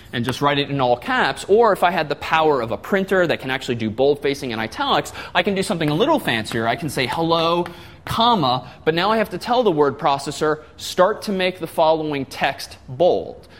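A man giving a classroom lecture, explaining step by step and putting questions to the class. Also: fairly high pitch.

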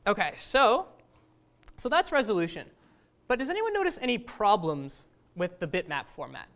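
A woman's voice: mid-range voice, sing-song, normal speed, a bit bright. A woman teaching a class in a casual, conversational lecture, often asking the students questions.

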